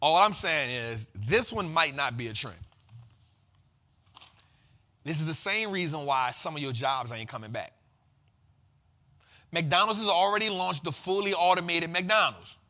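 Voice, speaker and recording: Male finance host, high bright voice, emphatic slangy delivery with repeated punchlines. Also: expressive, a little slow, pauses often. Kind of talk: energetic market commentary.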